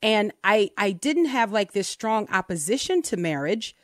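A woman's voice: medium pitch, big pitch swings, moderate pace, dry recording. Woman in her 30s cohosting a faith talk show, earnest and thoughtful, dry sound. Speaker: co-host. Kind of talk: casual faith podcast conversation.

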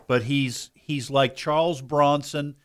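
A man's voice: medium pitch, fairly even intonation, slow pace, clean tone. A man co-hosting a political talk radio show, giving emphatic opinions and stumbling over his words as he starts.

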